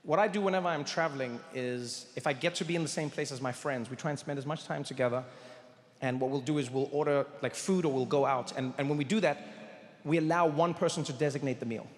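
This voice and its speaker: A middle-aged man from Africa, telling a stand-up story with animated confidence and bursts of loud emphasis at a live show. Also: a little high, fast talker. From South Africa. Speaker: stand-up comedian. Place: large live venue. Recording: live show with long hall reverb.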